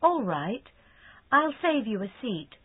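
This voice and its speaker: A woman reading her part of a practice dialogue in an English lesson, clear and deliberate. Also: a little high, very animated, dry recording. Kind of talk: read-aloud practice dialogue. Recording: dry phone-like sound.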